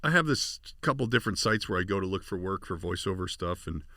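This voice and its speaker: A man's voice: deep voice, quick pace, no echo, studio quality. A man in his forties, a podcast host and voice actor, chatting casually and acting out the people he quotes. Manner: animated storyteller, acts out quotes. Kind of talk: casual chat.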